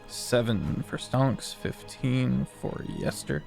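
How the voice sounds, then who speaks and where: A man at a middle pitch running a tabletop role-playing game as its game master. He narrates grim, eerie scenes in a measured way and slows down to let the details land. Faint music plays behind him. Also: expressive, vocal fry, darkish tone. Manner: slows down for eerie, drawn-out description.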